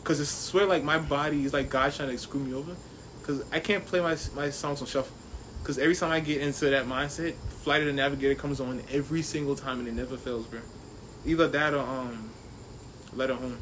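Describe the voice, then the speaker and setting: A man's voice: medium pitch, fairly even intonation, a bit bright, slight background noise. A young man co-hosting a podcast, chatting casually with lots of slang and frequent laughter. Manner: fast, joking, slangy, laughs often. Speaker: podcast co-host. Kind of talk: casual chat.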